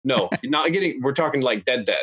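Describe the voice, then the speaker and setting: A young adult man talking in a measured, analytical, plain-spoken way as a podcast guest. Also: mid-range voice, animated, a bit bright, husky, no echo. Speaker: guest YouTuber. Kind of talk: casual podcast interview. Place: podcast studio.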